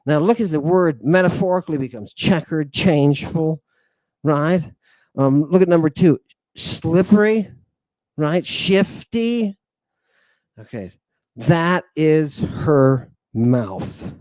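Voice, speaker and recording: A man's voice: fairly high pitch, takes it slowly, darkish tone, no echo. A man hosting a lecture on ancient Greek words, enthusiastic and digressive, who calls his listeners "people," stumbles over terms and corrects himself. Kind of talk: livestream lecture, talking to viewers.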